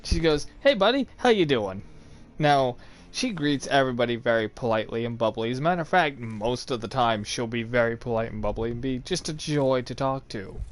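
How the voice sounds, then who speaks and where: A man's voice: medium pitch, fairly quick. A man telling a personal story in a casual chat, acting out the voices of the people in it. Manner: animated, acts out quoted voices.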